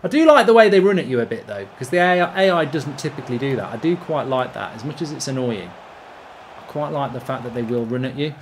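Male streamer, 30s, sweary live game commentary, animated pitch, faint hiss. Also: fast. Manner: swearing, excitable outbursts. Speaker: gaming streamer.

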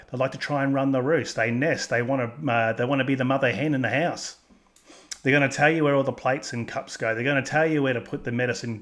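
A man's voice: medium pitch, fairly bright tone. Heated, profane Australian man ranting. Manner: crude, heated and sarcastic ranting. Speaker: commentary channel host. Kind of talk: reaction video rant.

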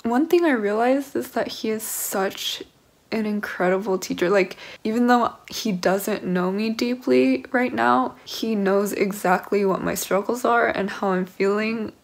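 A woman's voice: medium pitch, unhurried, vocal fry. A young woman in her late teens, a violin student, talking to camera in a rambling, candid, emotional way with nervous laughs. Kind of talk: casual vlog talk to camera.

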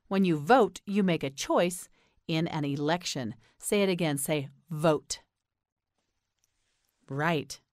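Brief: American woman, pronunciation teacher, very slow and deliberate, dry close sound. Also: fairly low pitch, no room sound. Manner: slow, carefully enunciated, patient prompting. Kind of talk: slow repeat-after-me pronunciation drill.

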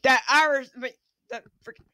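A man hosting a casual reaction video, excitable and often stumbling over and repeating his words. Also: extremely high pitch, moderate pace, a little hiss or hum.

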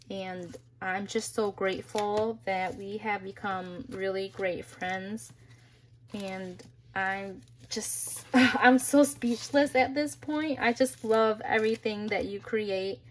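Slow, gushing woman crafting vlogger. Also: mid-range voice, a little hiss or hum. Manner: gushing, exclamatory, excited. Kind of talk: happy mail unboxing vlog.

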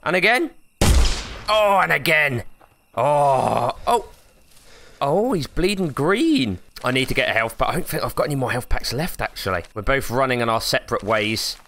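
A young man hosting a gaming channel, talking through a monster hunt with plenty of swearing and jokes. His pitch swings widely from low mutters to high yelps, and his tone is bright and forceful. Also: moderate pace, slight background noise. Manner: swearing, excitable, jokey, yelps when startled. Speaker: gaming YouTuber. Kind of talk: horror game commentary.

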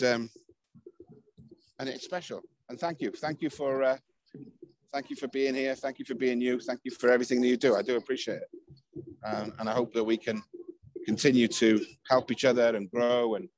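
Gentle, thankful man outdoors. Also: mid-range voice, no echo, rough recording. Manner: gentle, thankful, rambling with fillers. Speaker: spiritual circle leader hosting a live stream. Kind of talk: casual live-stream chat. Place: outdoors on a hilltop at night.

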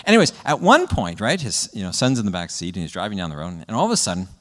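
A man giving a public talk to parents, an animated storyteller who often checks in with "right?" and acts out what children say. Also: lowish voice, fast, in a large hall. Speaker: guest speaker. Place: presentation hall.

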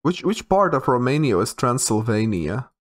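A man's voice: medium pitch, sing-song, normal speed. A young man giving casual commentary while he plays a geography guessing game, thinking aloud with hesitant, repeated words. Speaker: game streamer.

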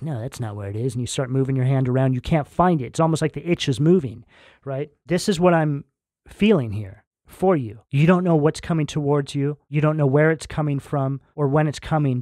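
A man doing a tarot reading in a loose, conversational way, often checking in with "right?" and filling pauses with "um". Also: mid-range voice, a little mellow, dry recording, studio quality. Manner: conversational, keeps asking "right?", fillers. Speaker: tarot reader. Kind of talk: casual tarot reading monologue.

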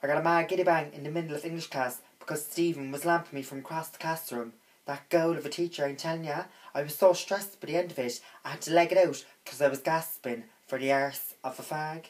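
A woman voicing a brash, mouthy teenage girl with a strong Cork accent and loud, exaggerated slangy delivery. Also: low-pitched, steady tone, a little fast, few pauses, lightly acted, low-quality recording. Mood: dramatic.

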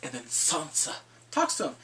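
A man casually recapping a TV episode, swearing freely and jumping into quick impressions of the characters. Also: a little high, wildly swooping pitch, pushed and bright, far from the mic. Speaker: TV show reviewer. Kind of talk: casual spoiler recap vlog.

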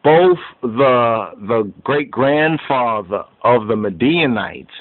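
Slow-preaching man over a tinny line. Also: medium pitch, animated. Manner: preachy, repetitive, keeps asking "you understand?". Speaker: Bible teacher. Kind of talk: Bible study sermon.

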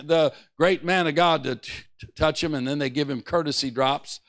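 A man's voice: a little high, moderate pace, a bit bright. Fiery preaching man. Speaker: pastor. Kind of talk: sermon at a Bible study.

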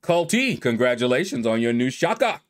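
Chill gamer guy scrolling a leaderboard, mid-pitched, drawls the names out and chats along. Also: moderate pace. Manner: relaxed, drawls and plays with player names. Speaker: gaming YouTuber. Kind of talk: casual commentary reading a leaderboard.

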